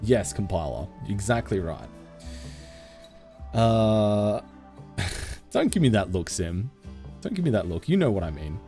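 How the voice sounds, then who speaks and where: A man's voice: lowish voice, very animated, measured pace, long pauses, mellow, faint music behind. A man streaming a game from home, chatting playfully with viewers and reading their messages aloud into a desk mic. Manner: playful, jokey, reads chat aloud. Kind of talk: casual live-stream chat with viewers.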